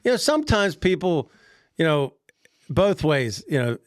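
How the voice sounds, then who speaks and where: A man on a podcast telling a workplace story in casual chat, animated, laughing often and acting out the people he quotes. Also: fairly high pitch, unhurried, no room sound, studio quality. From Pennsylvania.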